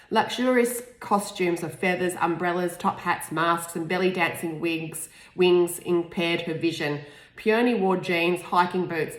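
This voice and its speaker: A lower-pitched woman reading her own novel aloud in a relaxed, unpolished way. She restarts stumbled words and breaks off for small asides. The room around her has a noticeable echo. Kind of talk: informal audiobook reading. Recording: echoey room.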